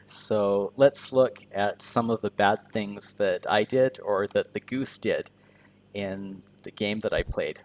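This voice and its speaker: Slow, low-voiced male English teacher. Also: darkish tone. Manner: simple, repetitive phrasing for beginners. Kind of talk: slow teaching commentary over gameplay.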